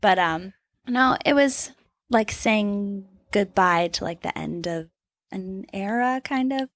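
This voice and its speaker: A woman's voice: medium pitch, takes it slowly, no echo. Chatty woman podcaster, dry sound. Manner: chatty, laughs often, playful asides. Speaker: podcast co-host. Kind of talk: casual chat.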